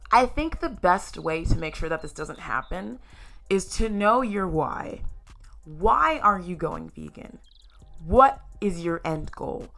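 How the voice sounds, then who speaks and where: A woman's voice: medium pitch, creaky, sharp tone. A woman vlogger talking candidly and emphatically to her viewers, addressing them directly. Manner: candid and emotional, sometimes tearful. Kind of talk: personal video talk to camera.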